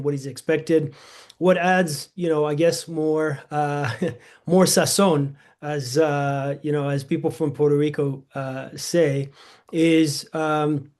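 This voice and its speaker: A middle-aged man with a somewhat high voice speaks as an interview guest. He answers in a measured, reflective way, pausing on fillers as he thinks. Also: darkish tone. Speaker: guest executive. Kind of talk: casual interview conversation.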